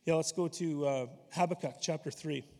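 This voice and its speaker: A man preaching a sermon, animated and emphatic, slipping into voices when he retells scripture. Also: a little high, moderate pace. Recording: long hall reverb.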